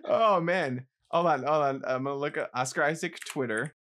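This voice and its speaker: A man co-hosting a casual podcast, excitable and jumpy, swinging from mumbles to yelps. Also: a little high. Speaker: podcast co-host. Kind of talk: casual chat.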